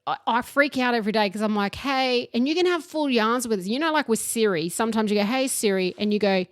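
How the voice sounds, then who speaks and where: A woman with an Aboriginal Australian English accent, co-hosting a podcast in casual chat, animated and slangy, laughing often. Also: a little high, quick pace, dry recording, studio quality. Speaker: podcast co-host.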